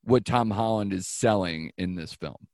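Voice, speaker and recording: A man hosting a casual film review chat, digressive, with quick laughing asides. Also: fairly low pitch, a little mellow, no room sound, clean studio sound. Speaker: podcast host.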